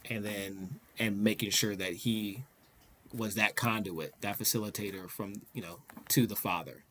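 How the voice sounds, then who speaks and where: A man's voice: lowish voice, steady tone, moderate pace, fairly bright tone. Emphatic man in a faith discussion. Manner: emphatic, agreeing, repeats himself. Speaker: discussion panelist.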